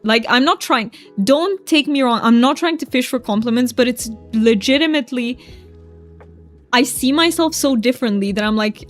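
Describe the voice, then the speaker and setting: A somewhat high-voiced woman streamer chats softly with her viewers, laughing a lot and stammering as she gets emotional. Faint music plays behind her. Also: normal speed. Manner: soft-spoken, emotional, laughs often, stammers and restarts. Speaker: game streamer. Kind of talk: casual live-stream chat, reading viewer messages.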